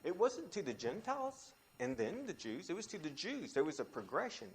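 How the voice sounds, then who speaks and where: A man teaching a Bible study, talking in an animated way with restarts and sudden rises when he quotes scripture. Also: fairly quick, slight background noise. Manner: animated, frequent restarts, pitch jumps when quoting scripture.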